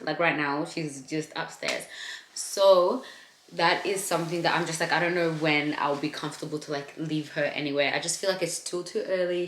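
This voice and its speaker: A woman's voice: sits low, a bit bright. A young woman vlogging about her postpartum experience in a candid, chatty way, talking straight to her viewers. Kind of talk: casual chat to camera. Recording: echoey room.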